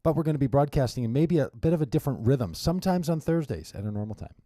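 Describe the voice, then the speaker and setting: A man's voice: mid-range voice, expressive, quick pace, warm tone, dry recording. A man hosting his radio show alone, chatting casually and rambling with wry asides and restarts into a studio mic. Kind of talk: casual solo radio monologue.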